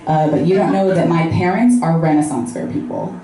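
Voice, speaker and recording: Low-voiced young woman doing wry stand-up. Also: a little fast, heavy background noise. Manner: wry, self-mocking, talks to the crowd. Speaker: stand-up comic. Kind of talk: stand-up set. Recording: echoey club hall.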